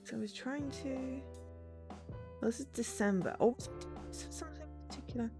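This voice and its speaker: A woman streamer reading a story game aloud in an expressive, musing way, breaking off for quick asides. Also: sits high, music in the background.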